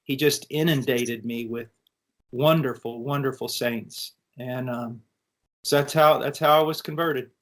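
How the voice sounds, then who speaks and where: A middle-aged American man giving an earnest, animated personal testimony in conversation, with frequent restarts. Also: mid-range voice, unhurried. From United States. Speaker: interview guest.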